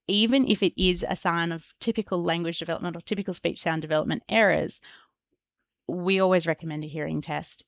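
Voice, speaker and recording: Podcast host, woman, lowish gravelly voice, patient explainer, dry close sound. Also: no echo. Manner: explanatory, models speech sounds slowly.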